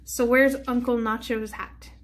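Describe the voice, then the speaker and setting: High voiced teacher lady doing story time, asks the little ones questions. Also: level tone, unhurried. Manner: gentle, asks children questions. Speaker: preschool teacher reading aloud. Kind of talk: children's story time read-aloud.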